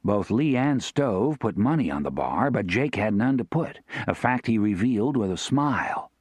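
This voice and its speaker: A man's voice: fairly low pitch, normal speed, slightly rough, no echo. Man narrating a western audiobook. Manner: steady, expressive storytelling.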